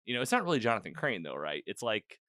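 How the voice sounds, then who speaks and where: Bright-voiced man recapping a show. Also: lowish voice, sing-song, fast, no echo, studio quality. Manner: loose and rambling, acts out quoted lines, lots of "like". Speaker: podcast host. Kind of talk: casual chat recapping an episode. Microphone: own podcast microphone.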